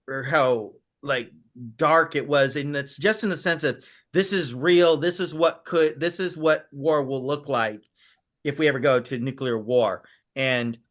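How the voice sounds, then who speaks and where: Man, podcast guest, bright higher voice, eager and rambling, acts out quotes. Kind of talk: casual interview chat.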